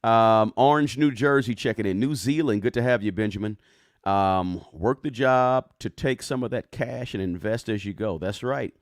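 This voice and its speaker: A man's voice: lowish voice, normal speed, dry recording, clean studio sound. A man hosting a live personal finance stream, talking casually, reading viewer comments aloud and often tagging on "right?". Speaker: personal finance livestream host.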